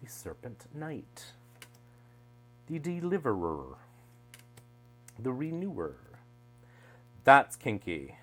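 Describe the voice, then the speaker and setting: A low-voiced man talking casually over a card unboxing. His pitch swings widely as he tosses off wry asides and restarts sentences. A faint mains hum runs underneath. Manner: chatty, wry asides, trails off mid-thought. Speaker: tarot deck reviewer.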